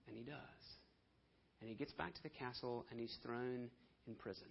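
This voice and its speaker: A man preaching a sermon with passion, dropping to hushed lines and then rising to loud, emphatic ones. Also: mid-range voice, fairly even intonation, moderate pace, vocal fry. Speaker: pastor. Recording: dull lo-fi sermon audio.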